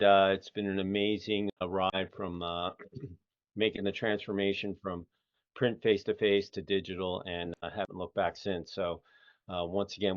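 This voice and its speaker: A low-pitched, middle-aged man from the Philadelphia area hosts a casual interview podcast in a Philadelphia accent. He rambles folksily with lots of fillers, and the muffled lo-fi audio has no room sound.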